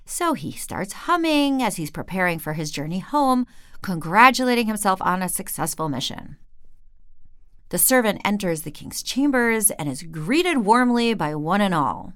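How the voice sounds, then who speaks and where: A woman host telling a story in an animated, expressive way. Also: mid-range voice, moderate pace, no echo, clean studio sound.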